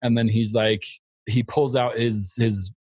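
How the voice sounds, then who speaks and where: A man's voice: medium pitch, fairly even intonation, measured pace, a little mellow, breathy edge, no echo. A man co-hosting a casual podcast, laughing often while retelling movie scenes. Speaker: podcast co-host. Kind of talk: casual chat.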